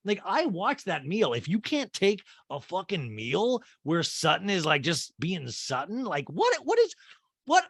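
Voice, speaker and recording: A male podcast host talks through a reality TV recap in a loose, rambling way, with cursing and jokes tossed in. His pitch swings widely as he talks, and the close mic keeps the sound dry and free of room echo. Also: a little slow, vocal fry, breathy edge. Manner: animated, rambling, swearing and laughing.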